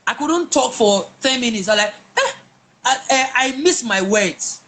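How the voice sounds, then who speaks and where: A woman's voice: on the high side, expressive, a little slow, a bit bright. Emphatic woman, many restarts. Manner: emphatic, with frequent repeated words and restarts. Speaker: guest. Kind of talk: personal testimony in a conversation.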